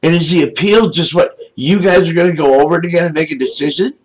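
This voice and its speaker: An older man ranting angrily to his camera from home, indignant and aggrieved, with a husky voice. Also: a little high, quick pace, poor audio. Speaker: video blogger. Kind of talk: angry webcam rant. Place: home, seated in a wheelchair.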